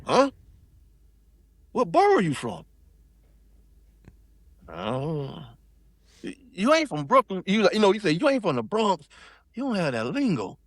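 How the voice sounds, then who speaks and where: A man's voice: sits high, measured pace, pauses often, no room sound. Guy telling a story, acts out the other people's voices, dry mic. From South Carolina. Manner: animated, acts out quotes in shifting voices. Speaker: podcast guest. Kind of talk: casual storytelling.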